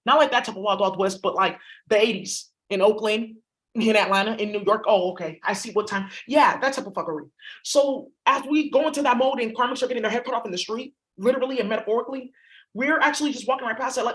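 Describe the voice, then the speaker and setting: A woman with a fairly high voice talks through a spiritual reading. She rambles, swears freely, and hammers her points home bluntly. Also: fast talker, fairly bright tone, poor audio. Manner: blunt, profane, rambling and emphatic. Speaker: astrology reader. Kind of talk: casual spiritual reading monologue.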